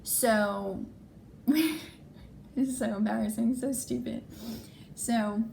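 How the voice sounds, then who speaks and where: A woman's voice: a little high, very slow, creaky, a little hiss or hum. A young adult woman vlogger telling a personal story in a casual way, acting out what people said and often saying "like". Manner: animated, acts out quoted dialogue, frequent "like".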